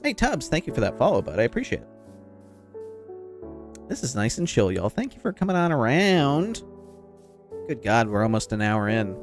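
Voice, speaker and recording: A man's voice: medium pitch, sing-song, normal speed, pauses often. Nasal male streamer with a slight lisp. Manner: rambling, chatty, talks to viewers. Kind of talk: casual live-stream chat while gaming. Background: faint background music.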